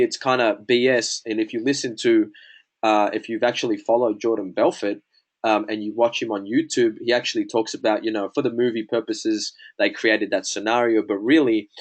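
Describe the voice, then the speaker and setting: A man giving a casual sales lesson, chatty and full of "bro" and "man", acting out sample conversations. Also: medium pitch. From Australia. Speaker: sales coach. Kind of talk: casual teaching talk.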